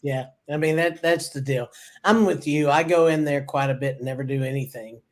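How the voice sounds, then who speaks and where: A man's voice: a little high, fairly quick. A man co-hosting a marketing talk show, easygoing and self-deprecating in casual chat.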